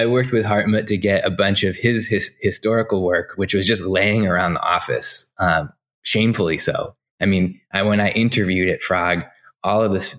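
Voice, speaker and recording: A man's voice: deep voice, a bit bright. A man in his forties, a guest in an interview, telling stories about his design career in a chatty, anecdotal way, full of fillers and restarts. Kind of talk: casual storytelling interview.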